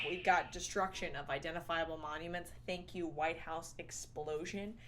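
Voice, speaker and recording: A woman's voice: low voice, fairly even intonation, moderate pace, heavy background noise. A young woman reviewing a movie in a casual vlog, playful and sarcastic, with casual swearing.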